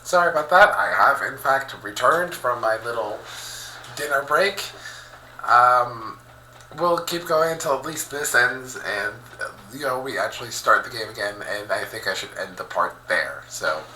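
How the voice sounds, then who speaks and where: An excitable man reads a visual novel aloud and breaks off into animated commentary. His voice is bright and sharp, and his pitch swoops up and down a lot. The recording has a roomy echo. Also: moderate pace, a little hiss or hum. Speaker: let's play host.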